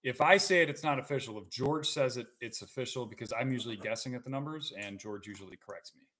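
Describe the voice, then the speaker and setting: A man's voice: mid-range voice, quick pace. A man co-hosting a live card break, talking in rambling, joking banter. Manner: rambling, jokey, lively.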